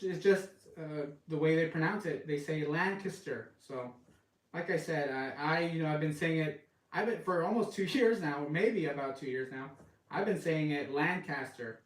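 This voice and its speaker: The speaker, a western United States cooking channel host, rambles casually to his audience on a live stream, often straying from the subject. He talks at a moderate pace in a higher-than-average voice, and the low-quality recording has a roomy sound.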